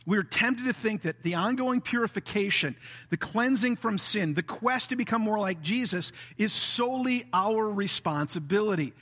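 Bright-voiced preacher man in a hall. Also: high voice, lively intonation, moderate pace. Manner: earnest preaching with brief acted quotes of a self-righteous voice. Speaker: pastor. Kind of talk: sermon. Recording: reverberant hall.

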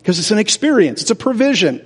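A pastor preaching a sermon in a church, animated, asking rhetorical questions and acting out doubters. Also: male voice, high-pitched, quick pace, slightly rough. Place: church sanctuary. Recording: reverberant large hall.

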